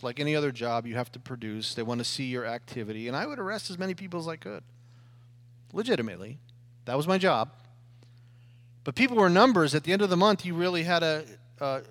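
A middle-aged man preaching a sermon, telling his own story with loud emphasis and hushed asides. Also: high-pitched. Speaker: pastor.

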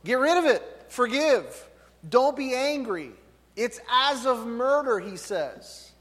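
A man preaching a sermon, loud and emphatic, often checking in with his listeners. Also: very high voice, sing-song, takes it slowly. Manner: loud, emphatic, tag questions. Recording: long hall reverb.

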